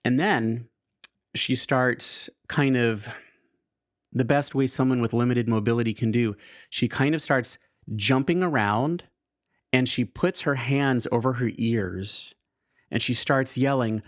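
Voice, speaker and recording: In a slow, mid-range voice, a podcast host reads from his own caregiving diary, candid and self-mocking, dropping swear words casually. The sound is clean studio audio without any room sound.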